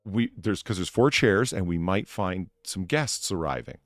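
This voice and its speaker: An American man with a low voice that swings widely up and down, talking in a sarcastic, mock-pompous way. His voice sounds dry and close, and faint music plays underneath. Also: expressive, unhurried, fairly bright tone, no room sound. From United States. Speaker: podcast host. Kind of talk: casual chat.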